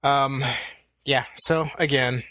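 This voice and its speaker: Bright-voiced man co-hosting a film podcast. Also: medium pitch, fairly even intonation, slow pace, no echo. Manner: easygoing, thinks aloud with many "um"s. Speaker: podcast co-host. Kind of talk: casual film review chat.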